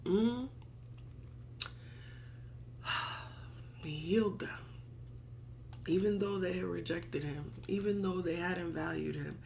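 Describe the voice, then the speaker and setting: A woman's voice: lowish voice, vocal fry, a little mellow, slight background noise. A woman priestess leading a worship service, telling a sacred story in rhythmic, repetitive preaching. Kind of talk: storytelling sermon.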